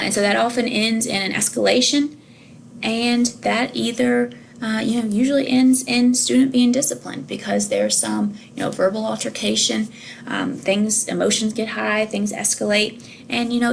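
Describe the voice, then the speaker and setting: A woman trainer giving a recorded staff training talk, measured, with many pauses and fillers. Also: medium pitch, creaky, a little hiss or hum.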